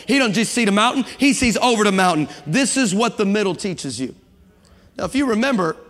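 Man, guest pastor, animated sermon, high voice, long church reverb. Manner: animated preaching, acting out voices and calling to the congregation. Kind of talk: energetic sermon.

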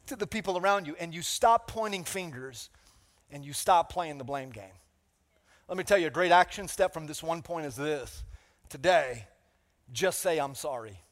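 A man preaching a sermon as pastor, energetic and playful, calling out to the congregation for responses. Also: high voice, big-room sound.

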